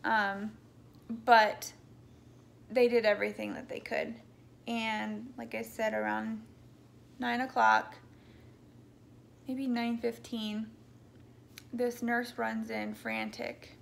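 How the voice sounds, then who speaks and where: A woman's voice: a little high, flat delivery, slow, gravelly, pauses often, a little hiss or hum. A young woman telling her birth story in a casual, rambling way, with many ums and likes, at times tearful. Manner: rambling, full of ums and likes, backtracks often. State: tearful, voice breaking.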